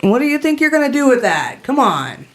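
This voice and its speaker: Woman GM doing a squeaky pushy orc woman yelling from a cave, very high. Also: very animated, a little fast. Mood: calling out. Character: orc woman, hidden in a cave, brash and wary.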